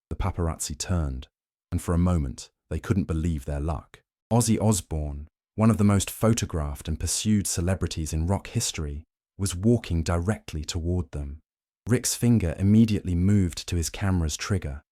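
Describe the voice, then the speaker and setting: A man giving scripted story narration in a measured storytelling manner. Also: low voice, warm tone, no room sound, studio quality.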